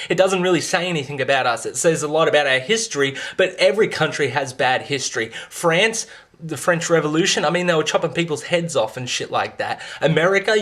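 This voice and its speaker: A man's voice: fairly high pitch, fairly bright tone. A young Australian man with an Australian accent, delivering a profane, sarcastic comedic rant to camera. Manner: sweary, sarcastic, exasperated. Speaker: vlogger.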